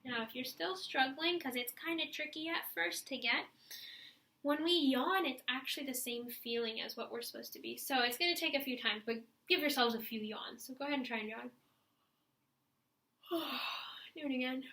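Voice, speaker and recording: A young woman with a high, bright voice leads a class through stretches and breathing. She talks straight to the students, encouraging them and showing each sigh and deep breath herself. Her voice stays clear and lively throughout. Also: brisk, reverberant. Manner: encouraging, demonstrates breaths and sighs. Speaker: music teacher. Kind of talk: instructional video for young students.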